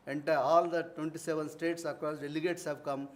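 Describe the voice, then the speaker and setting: Guy thanking everyone at a conference, kinda high voice, formal but chatty asides. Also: flat delivery, a little fast, a little hiss or hum. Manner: earnest, formal phrasing broken by warm anecdotes. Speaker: conference organizer giving vote of thanks. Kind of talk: formal ceremonial speech with personal asides. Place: university conference hall.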